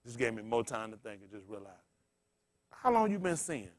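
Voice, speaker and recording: A male pastor giving a casual, storytelling sermon, asking his congregation questions and swinging from loud bursts to quiet murmurs. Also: medium pitch, a little fast. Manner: conversational preaching, swings from loud excited peaks to quiet murmurs.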